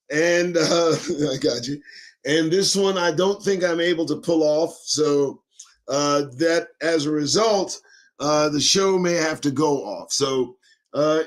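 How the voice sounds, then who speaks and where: A man hosting his own live stream, talking in a rambling, folksy, halting way. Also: on the high side, a bit bright. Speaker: livestream show host. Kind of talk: casual live-stream monologue.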